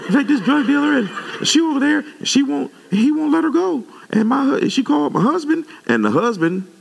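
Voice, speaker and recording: A man voicing a frantic middle-aged church mother who begs her pastor for prayer in a high, breathless, pleading voice. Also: very animated, moderate pace, creaky, big-room sound, exaggerated voice.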